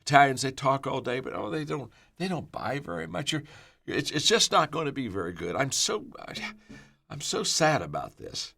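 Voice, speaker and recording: A man's voice: mid-range voice, very animated, moderate pace, vocal fry, pushed and bright, full character voice. A man voicing a gloomy, worrying male barber who tuts and frets in dismay as he tells a story. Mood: fretting. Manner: worried, tutting, full of dismay.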